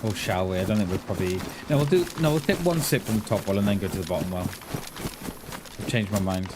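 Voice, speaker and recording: A man's voice: deep voice, fairly quick. A man streaming a survival game, chatting casually and rambling through a story as he plays, often correcting himself mid-sentence. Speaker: gaming streamer. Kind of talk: casual chat while playing. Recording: noisy stream audio.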